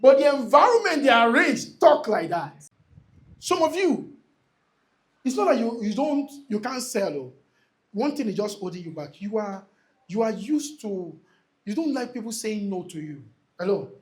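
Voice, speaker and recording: Man, motivational speaker, emphatic, repetitive, calls out to the audience, quite high voice. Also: big pitch swings, moderate pace. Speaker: motivational speaker at a real estate event. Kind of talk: motivational talk to a live audience. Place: event hall before an audience.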